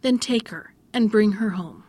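A woman's voice: medium pitch, a little slow, mellow, husky, dry recording. A woman doing the stern sunball. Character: the sun as a stern male ruler.

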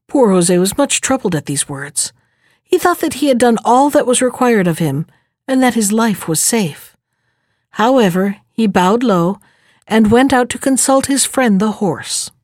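Brief: female storyteller reading a fairy tale, higher voice, dry close sound. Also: animated, measured pace, a little mellow, no room sound.

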